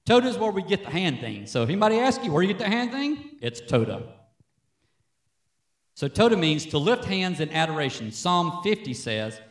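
Animated high-voiced pastor preaching. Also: male voice, normal speed, roomy sound. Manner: animated, joking storyteller. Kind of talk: sermon. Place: church stage.

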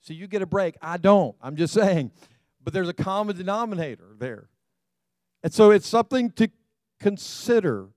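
A man's voice: sits high, lively intonation, moderate pace, a little mellow, no echo. Middle-aged male pastor, dry close sound. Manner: conversational storytelling with self-deprecating humor; addresses the congregation directly. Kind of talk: sermon.

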